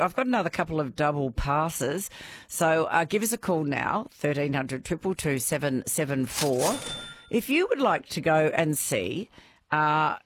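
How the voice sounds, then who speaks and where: A woman hosting a radio quiz, chatting casually and laughing often with callers. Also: on the low side.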